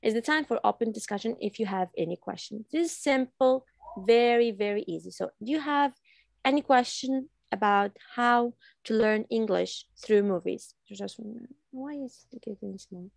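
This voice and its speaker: A woman's voice: a little high, normal speed, creaky, dry recording, studio quality. A woman from Iran teaching an online English class, repeating phrases patiently for her learners over a video call. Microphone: computer mic on video call.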